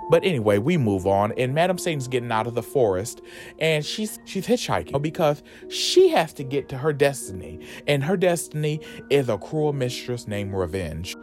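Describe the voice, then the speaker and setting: A man in the middle of his pitch range recaps a horror story with camp, sass and slang. His voice swings up and down with energy. Music plays clearly beneath him. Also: moderate pace. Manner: sassy, animated, slangy storytelling with lively swoops in pitch. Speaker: podcast host retelling a comic book story. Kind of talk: campy comedic story recap. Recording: music playing under the voice. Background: background music.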